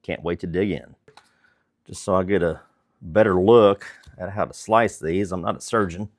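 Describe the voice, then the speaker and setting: Low-voiced guy cooking outdoors in the snow. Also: moderate pace, no room sound, studio quality. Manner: relaxed, enthusiastic, chuckles often. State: cold from the weather. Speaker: barbecue cooking channel host. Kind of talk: casual cooking vlog.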